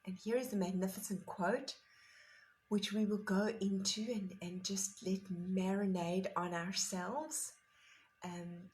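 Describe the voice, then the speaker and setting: A woman meditation teacher giving a guided meditation talk, gentle and unhurried, sometimes easing into soft whispers. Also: medium pitch, level tone, poor audio.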